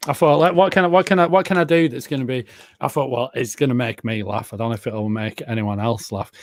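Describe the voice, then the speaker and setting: A man's voice: mid-range voice, fairly even intonation, fast. A man who is a guest on a casual livestream, joking and teasing in playful banter. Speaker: guest YouTuber.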